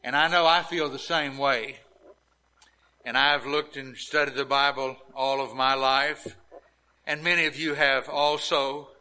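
A man's voice: medium pitch, fairly even intonation, measured pace, sharp tone, rough recording. A man preaching a sermon who retells scripture emphatically and acts out the quotes. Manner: dramatic, emphatic storytelling with acted quotes.

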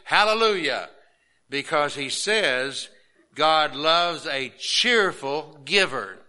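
A man preaching a sermon as pastor, reading scripture aloud and explaining it with slow, emphatic delivery. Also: on the high side, bright, forceful tone.

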